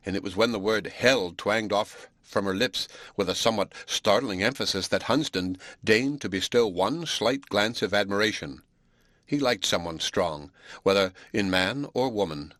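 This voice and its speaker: A man narrating a classic novel in a measured, steady audiobook reading. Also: fairly low pitch, no echo, clean studio sound.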